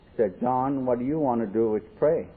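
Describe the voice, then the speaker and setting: Captured on a tinny, lo-fi 1979 tape with a faint hiss, this convention-hall talk features a man sharing his life story at a recovery convention. He jokes and performs the dialogue in a medium-pitched, slightly rough voice at a moderate pace.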